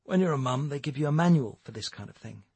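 A woman's voice: extremely low pitch, expressive, fast talker, a little mellow, breathy edge, no room sound, full character voice. Give me a casual, teasing mother, as a male narrator puts her on. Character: breezy, motherly British woman.

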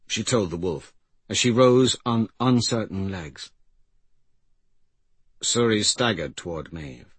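A man narrating a fantasy story in a measured, grave manner. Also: deep voice, slightly rough, no room sound. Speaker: audiobook narrator.

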